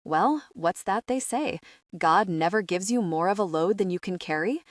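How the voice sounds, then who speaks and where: A woman's voice: mid-range voice, lively intonation, normal speed, no echo, clean studio sound, close to an everyday voice. A woman reading a smug, drawling man. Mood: mocking. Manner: drawling, mocking, falsely friendly. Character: smug sadistic middle-aged man. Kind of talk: audiobook character reading.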